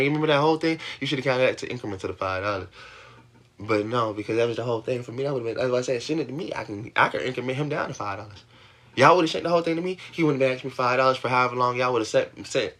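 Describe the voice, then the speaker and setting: A man's voice: medium pitch, a bit bright. A man venting to his livestream audience, rambling, laughing often and swearing, his voice jumping up when he gets worked up. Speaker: livestream host. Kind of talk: venting monologue to a live audience.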